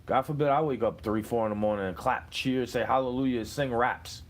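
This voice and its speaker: A man's voice: medium pitch, fairly even intonation, fairly quick. A young adult man delivering an angry, profane monologue, confronting an imagined listener. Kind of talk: ranting monologue.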